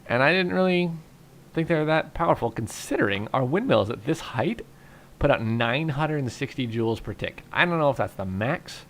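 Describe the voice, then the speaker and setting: In relaxed, casual Minecraft commentary, a young gaming YouTuber rambles and thinks aloud with lots of fillers, tired and yawning. He speaks in a mid-range voice at normal speed.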